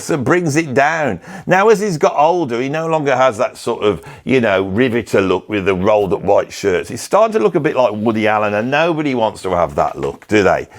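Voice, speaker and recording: A man's voice: medium pitch, very animated, brisk, few pauses. A British man hosting a comic monologue, ranting about musicians in a sarcastic, opinionated, grumbling way. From Britain. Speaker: musician and video host.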